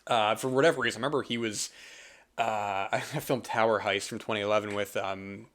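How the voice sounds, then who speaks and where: A young man from the US East Coast rambles through a casual film review, pausing on fillers and starting sentences over. His voice sits a little low. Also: fairly even intonation, fairly bright tone. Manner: rambling, many fillers and restarts. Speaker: podcast host.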